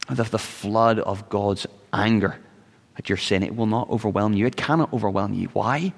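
A man's voice: on the low side, normal speed, creaky. A man preaching a sermon as pastor, earnest and at times rising into urgent, pleading appeals. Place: church sanctuary. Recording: long reverb of a church hall.

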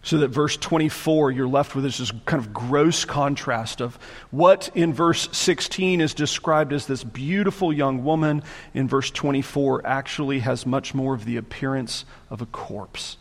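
A man from the American South preaching a sermon as a pastor. He speaks emphatically, repeats phrases for force, and often drops into quiet, low tones. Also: a little slow, long reverb tail. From Southern United States.

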